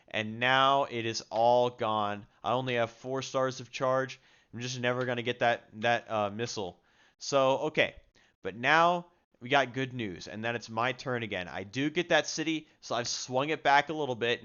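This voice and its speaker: A man's voice: mid-range voice, fairly bright tone, smooth. Chatty young man commentating a strategy game. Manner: chatty, frequent fillers, self-deprecating. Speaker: gaming video creator. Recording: slightly dull lo-fi audio.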